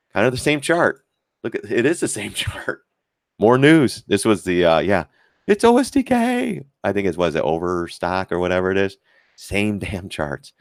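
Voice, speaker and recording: Blunt, low-voiced male trading streamer. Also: no echo, studio quality. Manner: blunt and profane, addresses viewers as guys; lively, mocks critics in put-on voices. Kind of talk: casual live-stream chart commentary.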